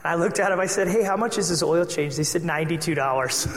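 A man preaching a sermon as pastor, telling a personal story with lively acted-out dialogue. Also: a little high, quick pace. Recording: echoey hall with long reverb.

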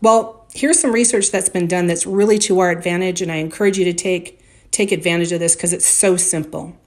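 A woman's voice: on the low side, fairly even intonation, fairly quick, darkish tone. A middle-aged woman hosting a solo podcast, giving workplace advice in a direct, conversational way. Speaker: podcast host and workplace coach.

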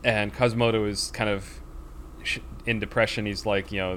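A slightly low-voiced man rambles through a movie plot in a casual podcast chat. He acts out the characters' lines in passing, and a faint hum of room noise sits behind him. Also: little pitch movement, moderate pace. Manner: rambling storyteller with fillers, acts out quoted lines.

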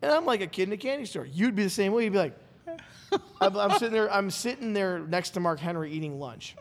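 A man hosting a podcast, telling a story in a rambling, animated way and acting out what people said. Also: high-pitched, a little fast. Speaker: podcast host. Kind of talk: casual storytelling chat. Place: studio.

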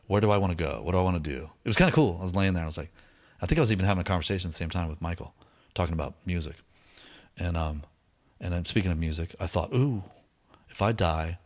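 A middle-aged man telling a personal story in a casual, slangy way, switching into lively voices for the people he quotes. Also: deep voice. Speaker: speaker sharing a recovery story.

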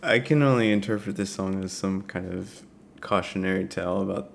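A man's voice: low-pitched, fairly quick, vocal fry, slight background noise. A man co-hosting a podcast, chatting casually about music with hesitant, laughing, self-correcting talk. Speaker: podcast co-host.

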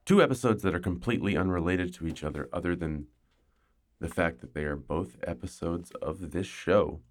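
Man, very low voice, podcast host, rambling, joking, a bit tipsy. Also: normal speed. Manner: rambling, joking, self-mocking. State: a little tipsy. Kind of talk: casual chat. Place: home, hot room without air conditioning.

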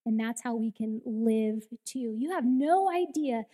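A woman in her thirties giving a Mother's Day church talk, telling a story in an animated way and acting out the quoted lines. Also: fairly high pitch, a little slow. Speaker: women's ministry speaker. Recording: long hall reverb.

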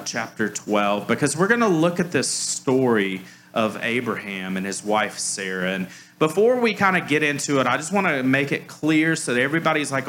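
A man's voice: mid-range voice, bright, forceful tone, slight background noise. A man preaching a conversational sermon, telling stories in a casual way with lots of "like" fillers and self-deprecating humor. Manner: casual storytelling, frequent "like" fillers. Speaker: pastor.

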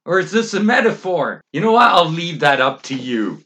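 A man's voice: fairly high pitch, sing-song, normal speed, sharp tone. A middle-aged Canadian man hosting a podcast, ranting angrily with constant swearing and emphatic outbursts. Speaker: podcast host. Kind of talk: profane ranting monologue.

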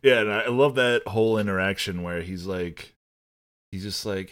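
A man's voice: on the low side, moderate pace, smooth. A man hosting a casual movie recap podcast, telling the plot with swearing and acted-out bits of the characters. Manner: animated storyteller who swears and acts out characters. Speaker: podcast host.

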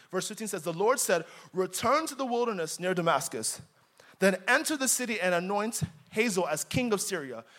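A young man preaching in a church, his voice sitting high for a man. He leans hard on key words and then drops to quiet, intimate asides, reading scripture with dramatic force. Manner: dramatic, swings from loud emphasis to quiet asides. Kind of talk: sermon.

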